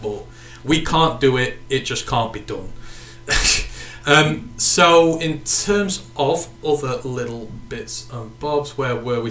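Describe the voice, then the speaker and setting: Chatty British podcast host, echoey room. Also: male voice, mid-range voice, sharp tone, slight background noise. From United Kingdom. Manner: chatty, reads out viewer comments and sign-offs. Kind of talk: casual sports podcast chat.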